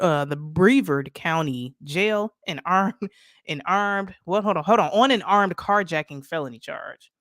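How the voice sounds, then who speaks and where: Lively low-voiced woman streamer, chatty. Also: no echo, clean studio sound. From Michigan. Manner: chatty, laughs often, talks straight to viewers. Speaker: livestream host. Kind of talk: casual late-night chat, reading news stories and chat messages.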